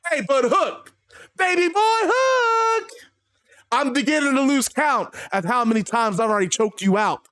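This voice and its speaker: A man doing a loud, cocky pro wrestler. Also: extremely high pitch, expressive, measured pace, voice pushed up, exaggerated voice. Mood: taunting. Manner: loud, swaggering trash talk. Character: brash, cocky male pro wrestler boasting.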